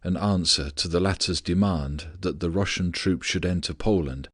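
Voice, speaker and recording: Low-voiced guy reading an audiobook, steady pace, dead dry close sound. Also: moderate pace, husky, no room sound. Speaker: audiobook narrator. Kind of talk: scripted audiobook narration.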